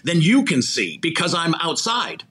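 Older man, husky, animated storyteller. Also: on the high side, measured pace. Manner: animated storyteller who acts out quoted dialogue and chuckles mid-sentence. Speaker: interview guest, executive recruiter. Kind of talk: storytelling in a podcast conversation.

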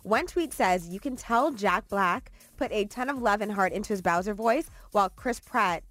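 A woman's voice: medium pitch, animated, moderate pace, a bit bright, no echo. A woman presenting the trending entertainment segment on a morning TV show in an upbeat way. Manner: upbeat, reads tweets aloud with light laughs. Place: TV studio.

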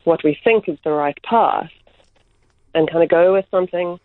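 A woman who runs art workshops, a guest explaining her approach in measured speech that slows on key words. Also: fairly low pitch, dry recording. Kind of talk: reflective interview answers. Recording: phone-like line, dry.

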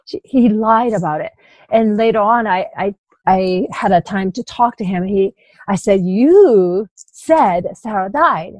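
Picture a woman on an interview show recounting her own story, stopping and restarting her sentences as she goes. Her voice sits at a middle pitch and comes across close and dry, with little room sound. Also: a little mellow, no echo, rough recording. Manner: halting retelling with frequent restarts, "you know" and light laughs. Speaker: interview guest. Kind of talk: personal story in a conversational interview.

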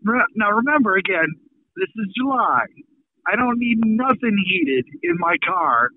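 A man from Minnesota hosting a casual radio chat, telling stories with drawn-out emphasis. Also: high-pitched, very animated, a little hiss or hum. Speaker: radio host. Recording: phone-line sound.

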